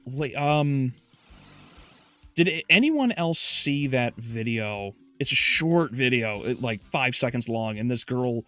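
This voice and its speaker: A male streamer giving loose, casual commentary while he plays. His voice sits at an ordinary pitch but swings widely and animatedly, and he swears and laughs easily as he chats with viewers. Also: expressive, takes it slowly, fairly bright tone, faint music behind. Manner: chatty, swears freely, laughs often, talks to chat.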